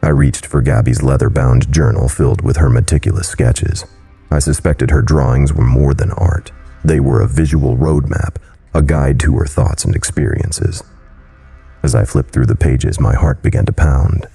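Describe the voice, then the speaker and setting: A man reads a scary story aloud in a very low, gravelly voice. His tone is dark and mellow, husky and breathy, with faint music behind him. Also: moderate pace. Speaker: horror story narrator. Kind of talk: scripted horror narration.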